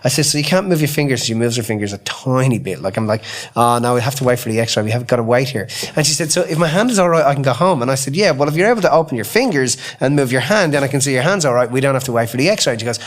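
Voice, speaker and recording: A man's voice: mid-range voice, very fast. A middle-aged man co-hosting a podcast, telling a family story in casual chat, acting out the voices with lots of restarts. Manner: animated storyteller, acts out quoted dialogue, frequent restarts. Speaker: podcast co-host.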